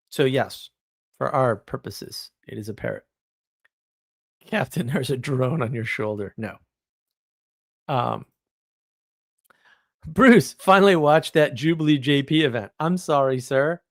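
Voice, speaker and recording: A man with a mid-range voice hosts a casual livestream, reading viewer comments out loud and answering them in a wry, argumentative way while laughing often. He talks slowly with frequent pauses and lively intonation, and the sound is clean studio audio with no room echo.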